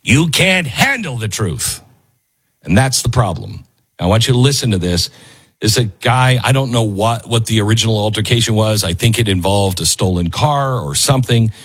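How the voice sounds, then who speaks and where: A man's voice: lowish voice, a little fast, slightly rough. A man hosting a commentary show, talking emphatically over a video clip he plays and repeating lines for stress.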